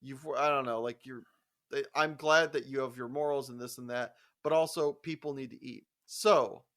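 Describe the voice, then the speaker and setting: With a mid-range voice at normal speed, a young podcast co-host recounts work stories in relaxed conversation. He's an animated, foul-mouthed storyteller, laughing often while performing the quoted lines.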